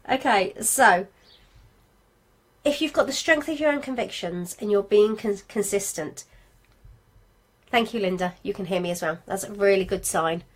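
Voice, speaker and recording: A woman coaching craft sellers in a live stream from home, chatty and encouraging, with frequent asides. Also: medium pitch. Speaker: craft business marketing coach. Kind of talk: live-streamed class to viewers.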